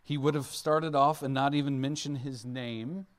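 A man's voice: mid-range voice, fairly even intonation, moderate pace. A man preaching a sermon as a pastor in a conversational way, asking the listeners questions. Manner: conversational, asks the audience questions; acts out Bible figures in playful voices.

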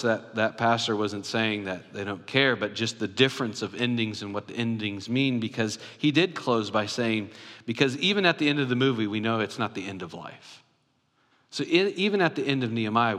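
A man preaching a sermon as a pastor, telling stories and acting out short exchanges between characters. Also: mid-range voice. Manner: animated storytelling, acts out voices. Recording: long hall reverb.

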